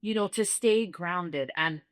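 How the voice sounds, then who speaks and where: A woman's voice: fairly low pitch, slow pace, no echo. Chatty young woman, dry close mic. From Dubai. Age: young adult. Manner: animated, repeats phrases for emphasis, many fillers. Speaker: guest singer-songwriter. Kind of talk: casual interview talk.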